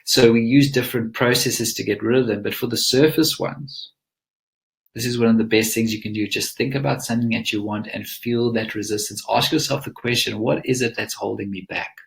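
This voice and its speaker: A man's voice: mid-range voice, steady tone, a little fast, creaky, a little hiss or hum. A man presenting a live webinar as a mindset coach, teaching in an earnest, emphatic coaching tone.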